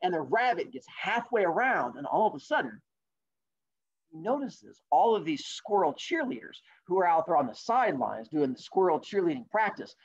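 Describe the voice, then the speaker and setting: A male teacher telling fables to an online class, jokey and animated, with sarcastic asides, in a dull lo-fi recording. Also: on the high side, normal speed, breathy edge. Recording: dull lo-fi sound.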